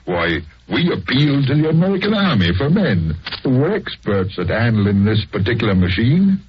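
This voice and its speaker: A chatty, folksy farmer from rural Buckinghamshire, with a lively voice that is very husky. It sounds dull and lo-fi, like an old radio drama. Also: male voice, medium pitch, normal speed. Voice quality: folksy, rustic. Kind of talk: 1940s radio acting.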